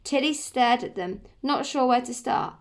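A woman's voice: high voice, normal speed. A woman teacher with an English accent reading a children's story aloud to her pupils, stopping now and then to explain. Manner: friendly, explains as she reads. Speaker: primary school teacher.

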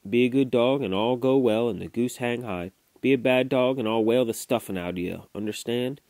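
A man voicing a gruff male dog breaker in a red sweater, speaking genially while threatening. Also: mid-range voice, brisk, a little mellow, dry recording, close to an everyday voice. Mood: genial threat. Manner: genial but menacing.

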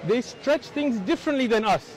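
A man's voice: extremely high pitch, animated, normal speed, poor audio. An American man preaching in a heated street debate, lecturing and insisting on finishing his point over interruptions.

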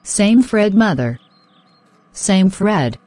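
A woman's voice: mid-range voice, sing-song, drawn-out words, warm tone, no echo. Brief: woman as a furious jilted friend, dry close voice, dramatic. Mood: indignant. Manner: indignant, dramatic, threatening. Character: jealous, hot-tempered young woman. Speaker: voice actor in animated drama.

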